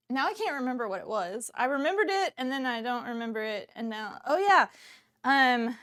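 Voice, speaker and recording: Casting: bubbly woman cooking streamer, high voice, laughs a lot. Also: expressive, normal speed, fairly bright tone. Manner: bubbly, laughs often, reacts to chat. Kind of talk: casual livestream chat with viewers.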